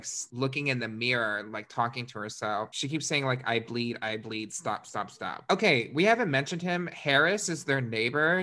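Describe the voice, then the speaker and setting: A woman's voice: extremely low pitch, sharp tone. A woman co-hosting a podcast, chatting casually and playfully acting out characters while recapping a film, with profane humor. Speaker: podcast co-host.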